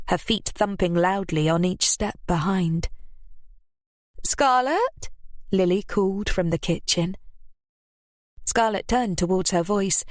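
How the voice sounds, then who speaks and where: A woman narrating an audiobook in a steady, measured manner. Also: fairly low pitch, dry recording, studio quality.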